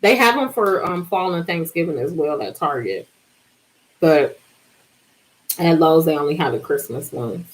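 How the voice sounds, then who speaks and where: A woman in her forties hosts a relaxed live stream and chats directly with her viewers. She tells her stories in an animated way and draws out words for emphasis. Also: low voice, poor audio. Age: 40s. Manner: animated, chatty storytelling with drawn-out words. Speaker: livestream host.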